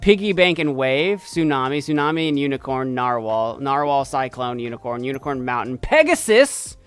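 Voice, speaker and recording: A man streaming a game, chatting playfully and excitedly as he thinks aloud. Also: mid-range voice, normal speed, clear, resonant tone, faint music behind. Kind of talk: casual gameplay commentary.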